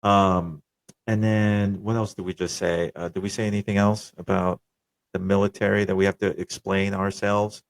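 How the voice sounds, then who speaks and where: A young man with a fairly low voice hosts a casual podcast. He talks in a relaxed, profane way and stops to explain jargon for listeners. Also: normal speed, vocal fry. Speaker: podcast host.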